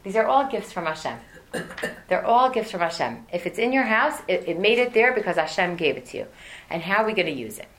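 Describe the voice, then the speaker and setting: A woman's voice: mid-range voice, very animated, fairly quick, fairly bright tone. A woman in her forties giving a religious lesson to an audience, telling humorous family stories with many asides. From United States. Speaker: women's class teacher.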